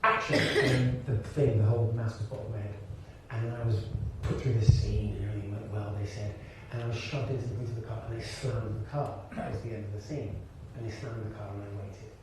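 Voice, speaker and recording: An actor and director from Birmingham, England, sits as an interview guest in an onstage conversation before an audience in a large hall, telling animated stories full of restarts and laughter. His voice is fairly low and he talks fast with few pauses. The recording picks him up from far off, echoey, with background hiss.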